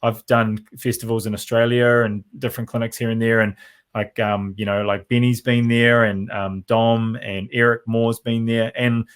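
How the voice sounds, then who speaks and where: A man's voice: mid-range voice, level tone, normal speed, smooth. A man who plays drums, a guest in a casual interview, who talks in long, rambling runs with lots of fillers. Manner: rambling, many fillers and restarts. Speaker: drummer guest.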